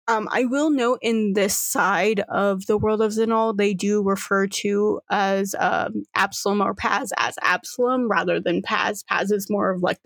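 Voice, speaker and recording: A young woman narrating a tabletop game as game master, slow and casual, peppered with fillers and the odd curse. Her voice has a gravelly fry. The recording is dry and close. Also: mid-range voice, a bit bright, no echo. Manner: casual, loose, with many fillers and swearing.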